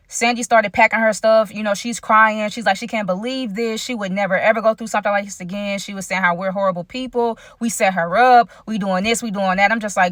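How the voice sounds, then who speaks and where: Fast, bright-voiced woman telling a story. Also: medium pitch, no room sound, clean studio sound. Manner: animated and chatty, keeps addressing the viewers. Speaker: storytime vlogger. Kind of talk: casual storytime narration.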